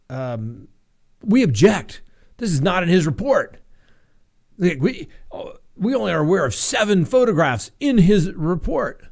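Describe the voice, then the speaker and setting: Animated male lawyer telling courtroom stories. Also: mid-range voice. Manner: animated storyteller acting out courtroom voices. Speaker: defense attorney and live show host. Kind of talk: casual live-stream storytelling.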